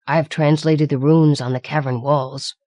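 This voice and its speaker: A woman reading the part of a grave old man who guides the way, speaking low and hushed. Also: steady tone, a little slow, no echo. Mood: solemn.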